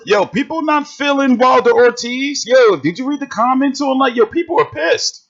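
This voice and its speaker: A man's voice: very high-pitched, normal speed, dull audio. A man hosting a livestream, ranting in a casual, profane, fired-up way. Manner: animated, swearing, fired-up. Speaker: livestream host reacting to boxing.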